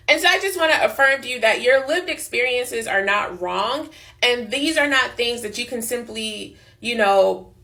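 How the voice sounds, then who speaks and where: Woman, earnest advice, measured and affirming, fairly high voice, gravelly fry. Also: fairly bright tone. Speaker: social media commentator. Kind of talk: earnest direct-to-camera advice.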